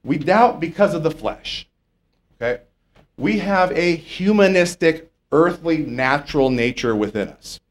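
A man preaching a sermon in a conversational way, often checking in with his listeners and swinging between loud and soft. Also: a little high, expressive, unhurried.

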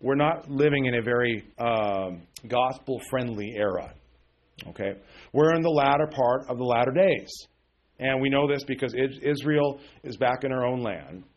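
A man's voice: medium pitch, normal speed, muffled recording. Conversational middle-aged male pastor preaching. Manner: conversational preaching with many fillers and asides. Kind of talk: sermon.

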